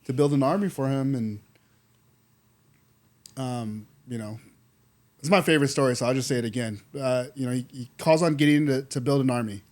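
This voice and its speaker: A man hosting a faith podcast, chatting casually and retelling a Bible story with lively acted-out quotes. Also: medium pitch, brisk, pauses often. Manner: animated storyteller, acts out quoted voices, says "dude" often. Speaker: podcast host.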